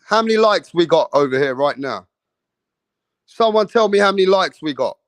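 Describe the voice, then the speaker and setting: A man's voice: sits high, lively intonation, moderate pace, no room sound. A man hosting a casual live stream, chatting with viewers in hyped, profane, slangy banter.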